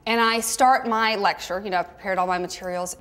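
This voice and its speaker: A middle-aged woman with a Southern American accent, telling a personal story in an animated, conversational way. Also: medium pitch, brisk. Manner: animated storyteller, with mimicking asides. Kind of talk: storytelling talk.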